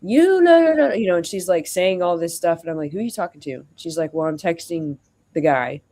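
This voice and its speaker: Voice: medium pitch, fairly even intonation, a little fast, a little mellow. A streamer venting in a rambling, casual story, acting out both sides of a conversation between frequent fillers. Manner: rambling, acts out quoted dialogue, frequent fillers.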